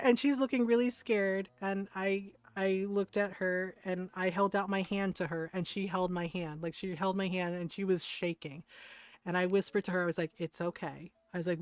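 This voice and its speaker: A woman's voice: lowish voice, moderate pace, smooth, no room sound. Candid woman streamer, dry close sound. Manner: candid, animated storytelling with casual swearing. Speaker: game streamer. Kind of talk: casual chat with viewers while gaming.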